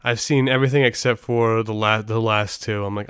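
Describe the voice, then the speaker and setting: A man's voice: on the low side, fairly even intonation, brisk, a bit bright, smooth, dry recording. A man hosting a casual podcast, telling rambling, anecdotal stories over a close mic. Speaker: podcast host.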